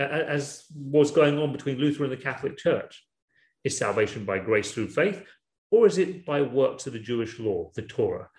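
A man giving a sermon in a measured, thoughtful way, asking rhetorical questions. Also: mid-range voice, a little mellow. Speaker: preacher. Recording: echoey room.

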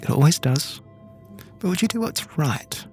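A man voicing an elderly female crime matriarch who speaks quietly and condescendingly in a tabletop game. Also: a little high, animated, a little slow, faint music behind. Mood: cold menace.

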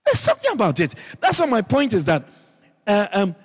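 A Guyanese man preaching a radio sermon, emphatic, dropping into low asides and rising into high shouted repeats. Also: wildly swooping pitch, brisk, slightly rough, big-room sound.

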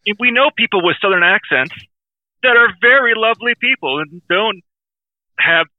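A podcast co-host with a high, animated voice talks at normal speed, chatting casually in a blunt, rambling, self-deprecating way and often apologizing for what he says. The recording is dry and has a tinny, phone-like sound.

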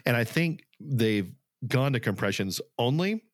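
A man co-hosting a podcast talks casually and earnestly, rambling with fillers and restarts. His medium-pitched voice is expressive and measured in pace, recorded with studio quality and no echo.

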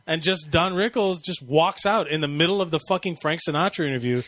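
A man's voice: fairly high pitch, fairly quick, fairly bright tone, no room sound. A man chatting casually on a podcast, rambling and swearing, acting out quoted lines as he tells stories.

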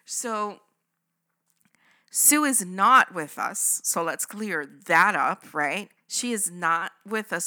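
Casual woman podcast host, lively swinging delivery, bright dry sound. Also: mid-range voice. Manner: animated, chatty, keeps checking in with "right?" and "okay?". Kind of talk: casual storytelling.

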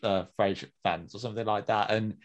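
A man's voice: fairly low pitch, a little fast, highs cut off. Chatty man on a casual podcast. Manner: chatty, animated, with frequent fillers and restarts. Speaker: podcast co-host. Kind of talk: casual chat.

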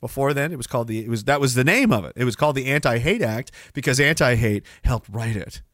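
Bright, lively man hosting a rant stream. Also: mid-range voice, fast, no echo, clean studio sound. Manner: sarcastic, rambling, mocking asides. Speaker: podcast host. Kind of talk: casual livestream rant.

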